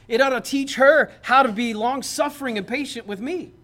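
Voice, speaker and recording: A man's voice: very high-pitched, normal speed, pushed and bright. A man, a pastor, preaching a sermon in a conversational, joking way that builds to emphatic points.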